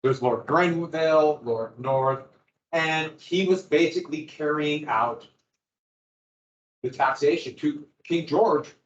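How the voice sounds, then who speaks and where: A man's voice: on the high side, slow. Guy teacher going over a worksheet, chatty loose explaining, kinda muffled lo-fi, echoey room. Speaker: history teacher. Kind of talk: classroom lecture. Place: classroom. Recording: echoey, dull lo-fi classroom audio.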